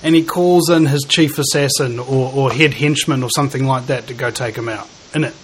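A man's voice: medium pitch, a little fast, slight background noise, rough recording. A man with a New Zealand accent in casual conversation, musing and rambling, often restarting his sentences.

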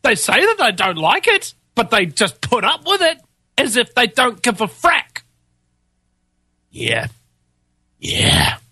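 A forceful, bright-voiced man with a New Zealand accent rants with open scorn. He drops to a low mutter, then leaps up into high, mocking shouts. The recording is close and dry, with no room sound. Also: huge pitch swings, slow, long pauses, breathy edge, dry recording. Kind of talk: ranting monologue.

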